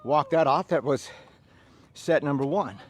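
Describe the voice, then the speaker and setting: A man's voice: on the high side, a little slow, breathy edge. A middle-aged Southern American man leading a workout class, calling out drill-style commands between laid-back stories. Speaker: fitness instructor.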